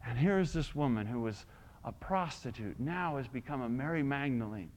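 A male preacher telling a story in a sermon, swinging dramatically between hushed and loud. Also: medium pitch, expressive, moderate pace.

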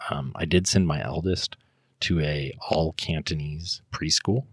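A middle-aged man chatting casually on a podcast, telling family stories in a relaxed way with fillers. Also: extremely low pitch, unhurried, slightly rough, dry recording, clean studio sound. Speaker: guest.

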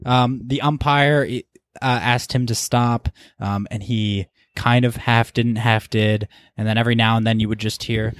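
A man's voice: mid-range voice, fairly even intonation, unhurried, hardly any pauses, no echo. A man hosting a podcast, talking casually and rambling with lots of ums and restarts. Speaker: podcast host. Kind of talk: casual chat.

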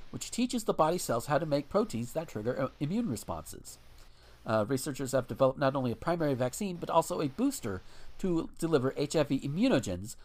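A man hosting a podcast in casual chat, rambling and profane with frequent restarts. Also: mid-range voice.

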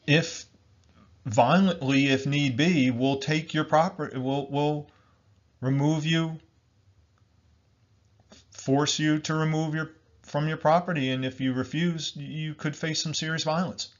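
A man's voice: a little high, steady tone, slow, long pauses. A man delivering an emphatic political monologue, repeating himself and calling his listeners folks. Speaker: commentator. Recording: dull lo-fi recording.

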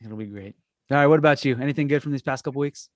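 A man's voice: medium pitch, rapid-fire, no echo. Brief: male host, mid-range voice, easygoing, dry close sound. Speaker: podcast host. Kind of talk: casual chat.

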